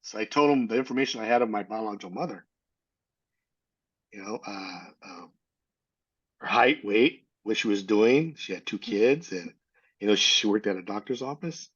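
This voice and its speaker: A man's voice: fairly low pitch, lively intonation, normal speed, pauses often, fairly bright tone, husky, highs cut off. A man in his sixties from California, a guest telling a rambling personal story and acting out the dialogue. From California, USA. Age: 60s. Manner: rambling retelling, acts out quoted dialogue. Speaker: interview guest. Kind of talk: casual storytelling.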